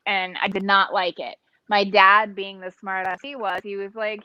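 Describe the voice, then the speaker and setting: A woman's voice: medium pitch, little pitch movement, normal speed, sharp tone, smooth, no room sound, dull audio. Foul-mouthed woman telling stories. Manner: swears freely, storytelling. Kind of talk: casual chat.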